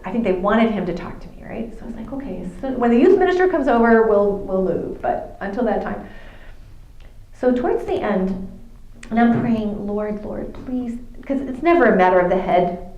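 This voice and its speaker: Animated woman telling a story. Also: medium pitch, moderate pace, lo-fi sound. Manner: animated storyteller acting out dialogue. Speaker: youth faith speaker. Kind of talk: storytelling talk to youth. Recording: echoey room.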